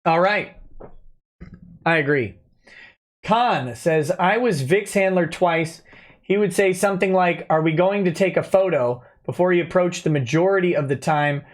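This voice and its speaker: A man hosting a late-night livestream in a fairly high voice, reading out viewer messages one after another. He answers them with wry, offhand asides in casual talk at a desk mic. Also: measured pace. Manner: wry, offhand reactions between read-out messages. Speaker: livestream host.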